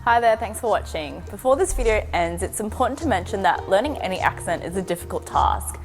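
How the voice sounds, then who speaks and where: A woman's voice: mid-range voice, animated, brisk. Brief: female Australian narrator, scripted explainer read, light background music. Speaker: video narrator.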